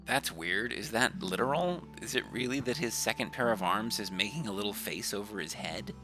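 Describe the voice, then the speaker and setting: A man casually chatting while playing a game, playful and sometimes dropping into low whispers as he reads. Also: expressive, normal speed, over music. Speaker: game player. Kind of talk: casual let's-play chat and reading aloud.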